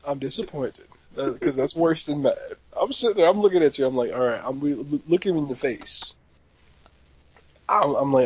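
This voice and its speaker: A young man telling a story in casual chat, animated and laughing often, acting out quotes. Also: fairly high pitch, moderate pace, breathy edge. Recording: dry, slightly dull sound.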